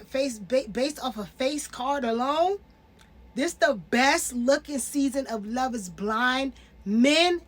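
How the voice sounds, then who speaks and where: A young woman in her twenties talks through a reality show in loose, casual commentary. Her voice sits high and bright in pitch. She leans hard into emphasis and slang, never sounding scripted. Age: 20s. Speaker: reality TV reviewer.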